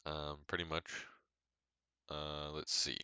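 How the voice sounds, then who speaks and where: A young man hosts his own podcast from his apartment. His voice sits extremely low but has a bright, forceful edge. He rambles in a candid, self-deprecating way, full of fillers, and the sound is dry and close. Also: completely flat delivery, slow, clean tone, dry recording. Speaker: podcast host. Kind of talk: casual solo podcast chat.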